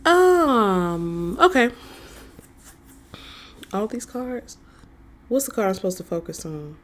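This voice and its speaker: A woman doing a live-streamed tarot reading, talking slowly with many fillers and answering chat messages. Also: mid-range voice, very animated. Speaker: tarot reader.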